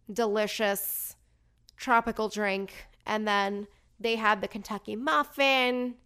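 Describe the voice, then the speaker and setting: A woman hosting a podcast, telling a night-out story in a gossipy, animated way. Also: medium pitch, vocal fry, clean tone. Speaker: podcast host. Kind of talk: casual chat.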